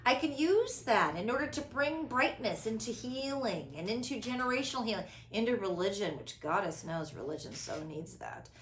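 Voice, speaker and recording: Middle-aged woman, loud and theatrical, lively high voice, roomy sound. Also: normal speed, few pauses, slight background noise. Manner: loud, dramatic, big inflection, laughs often. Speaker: host. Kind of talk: casual conversation. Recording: echoey room.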